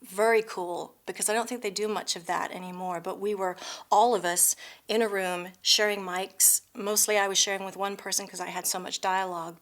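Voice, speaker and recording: A woman voice actress with a mid-range voice recalls her recording sessions. She explains the process with steady enthusiasm. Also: mid-range voice. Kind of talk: retrospective interview.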